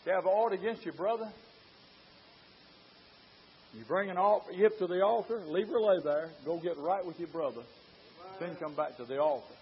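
A man preaching a sermon in church, fervent and rising to shouts, firing rhetorical questions at the congregation. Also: high-pitched, normal speed, pauses often, slight background noise. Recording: dull lo-fi sermon recording.

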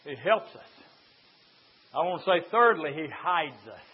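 Older preacher, high voice, impassioned, lurches from hushed to hollering; lo-fi church tape. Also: male voice, sing-song, measured pace, husky. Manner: impassioned, swings from hushed to shouting. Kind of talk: sermon. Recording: lo-fi recording.

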